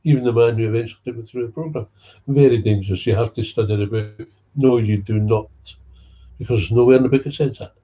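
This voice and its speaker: A Scottish-accented man with a mid-range, warm voice speaks fast in a blunt, heated personal talk about recovery, swearing freely. The recording is dull and lo-fi.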